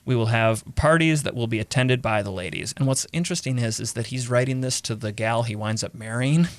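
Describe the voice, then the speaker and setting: A man's voice: mid-range voice, brisk, no room sound. A man co-hosting a casual history podcast, reading old letters aloud and chatting between them. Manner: reads out historical quotes, chuckles often. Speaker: podcast co-host.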